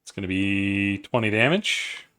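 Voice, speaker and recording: A man as game master, narrating a tabletop battle in a measured, matter-of-fact, sometimes profane way. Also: lowish voice, bright, forceful tone, smooth.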